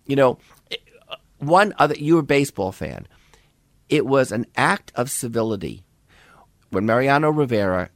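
A man's voice: mid-range voice, no echo, studio quality. An older man, a podcast co-host who teaches medical students, talking in a thoughtful, casual way with restarts and asides. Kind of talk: casual conversation.

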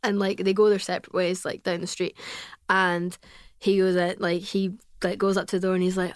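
A woman's voice: medium pitch, level tone, brisk, clean tone, no room sound. A young Scottish woman talks as a podcast guest, spinning family stories in a loose, chatty way with plenty of "like" and laughter. Her voice sits mid-range for a woman. The sound is dry and close, with no room in it. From Scotland. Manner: chatty storyteller, frequent "like", laughs easily. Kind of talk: casual interview chat.

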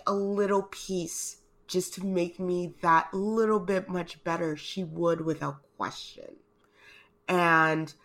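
A woman co-hosting a podcast in casual chat, heartfelt and rambling, emotional and close to tears. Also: sits low. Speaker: podcast co-host.

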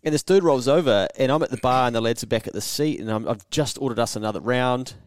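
A young man from New Zealand with a New Zealand accent, co-hosting a podcast and telling travel stories in a casual, animated way, swearing freely and acting out the voices of people he quotes. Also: mid-range voice, fast talker, slight background noise. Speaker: podcast co-host. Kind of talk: casual storytelling chat.

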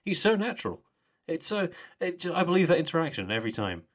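A man's voice: fairly high pitch, sing-song, fast talker. A young man co-hosting a podcast, chatting casually with laughs and trailing mumbles. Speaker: podcast co-host. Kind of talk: casual chat.

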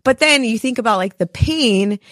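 A woman's voice: fairly high pitch, lively intonation, moderate pace, a bit bright, no room sound, clean studio sound. A young woman guest talking casually and emotionally, full of fillers. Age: young adult. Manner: chatty, emotional, many fillers. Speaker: podcast guest. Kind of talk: casual chat.

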